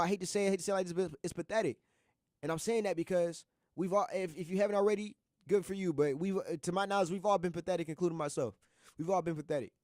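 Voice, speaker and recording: A man's voice: a little high, a little mellow, dry recording, clean studio sound. A young man hosting a college radio show, talking in an earnest, slangy, repetitive motivational way. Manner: earnest, slangy, repeats himself often. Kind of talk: casual motivational talk. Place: radio studio.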